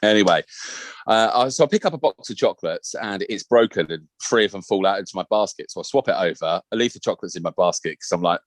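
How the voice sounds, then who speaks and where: A man's voice: fairly low pitch, animated, fast, no echo. A man in his thirties co-hosting a podcast, telling a sweary, laughing story in casual chat. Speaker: podcast co-host.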